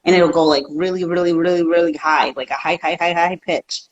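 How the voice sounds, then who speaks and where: A woman's voice: lowish voice, fairly even intonation, a little fast, dull audio. A woman guest in a casual chat, talking in a rambling way with many restarts.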